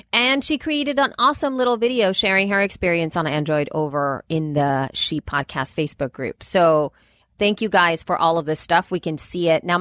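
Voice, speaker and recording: A woman's voice: lowish voice, a bit bright, no room sound, clean studio sound. Chatty woman podcast co-host. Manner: chatty, rambling with restarts and laughs. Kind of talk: casual chat, reading listener messages.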